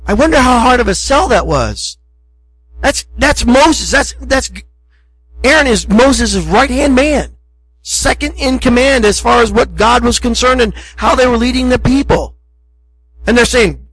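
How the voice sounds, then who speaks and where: A man's voice: extremely high pitch, lively intonation, unhurried, fairly bright tone, husky, poor audio. A middle-aged male pastor preaching a sermon in a conversational, emphatic way, acting out short asides.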